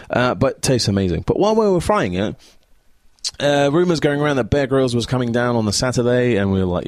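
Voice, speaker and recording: A man's voice: mid-range voice, animated, fairly quick, no echo. A man hosting a casual solo podcast from his home, chatting in a rambling, easily distracted way as a Scout leader. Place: at home by a window.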